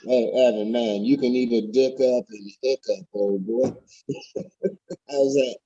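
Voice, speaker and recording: A husky middle-aged man boasting and swearing in heated livestream banter, insulting his co-host. The audio is dull and lo-fi. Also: medium pitch, fairly even intonation, unhurried, mellow. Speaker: livestream host, former fighter.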